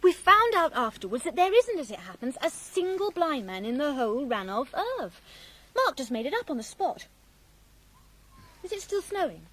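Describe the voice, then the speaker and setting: A woman's voice: high-pitched, sing-song, normal speed, fairly bright tone, slight background noise, low-quality recording. An actress playing a playful, teasing young woman from an old family in a radio drama, telling a yarn. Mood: storytelling. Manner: teasing, lilting, storytelling. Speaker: Miss Raven.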